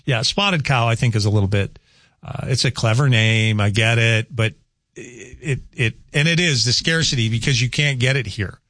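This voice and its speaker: A man's voice: mid-range voice, a bit bright, no echo. A man hosting casual morning radio, rambling through weather and chatty asides in a studio. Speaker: radio host. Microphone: studio microphone.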